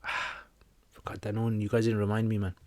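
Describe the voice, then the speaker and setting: A relaxed man with a fairly low voice hosts a casual livestream question-and-answer session. He reads out viewer comments and answers religious questions in an easygoing, joking way. The sound is dry and close, with no room echo. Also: a little fast.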